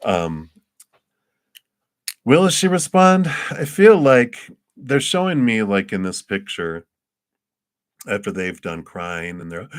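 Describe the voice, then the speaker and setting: A man doing live-streamed tarot readings, chatty, laughing often and acting out quoted voices. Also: lowish voice. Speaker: tarot reader.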